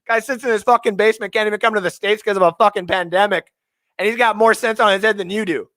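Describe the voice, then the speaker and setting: A profane, heated man hosting a fantasy football talk stream, his voice sitting a bit high for a man. He flips between angry rants and quick start-or-sit advice, with the sound close and dry. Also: steady tone, fairly bright tone, no echo. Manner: profane, emotional ranting. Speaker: fantasy football show host. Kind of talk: live sports talk stream.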